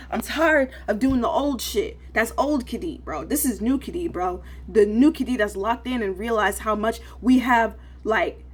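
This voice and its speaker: Husky young woman ranting. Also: medium pitch. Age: 20s. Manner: emotional, profane, repeats "bro" often. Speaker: day trader vlogger. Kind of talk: casual ranting vlog.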